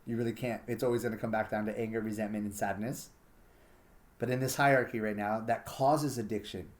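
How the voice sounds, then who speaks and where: A man's voice: lowish voice, steady tone, brisk. A man hosting a casual solo monologue, blunt and profane, acting out his own inner thoughts as he talks. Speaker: podcast host.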